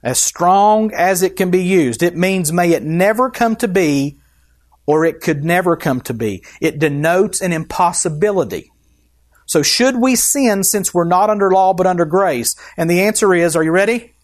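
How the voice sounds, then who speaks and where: A man's voice: high voice, animated, normal speed. A man preaching a sermon as pastor, emphatic and putting questions to the congregation.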